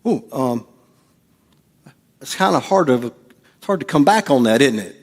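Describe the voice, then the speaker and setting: A middle-aged man, preaching a sermon as pastor, swinging from hushed asides to loud, animated delivery. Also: mid-range voice, normal speed, long reverb tail.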